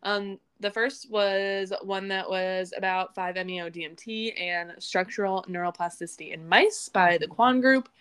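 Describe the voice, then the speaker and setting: A young woman with a Midwestern accent, co-hosting a science podcast in relaxed, self-amused casual talk. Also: mid-range voice, moderate pace, few pauses, clean tone. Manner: relaxed, laughs at herself, fillers. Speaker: podcast co-host. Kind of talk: casual chat, reading show updates.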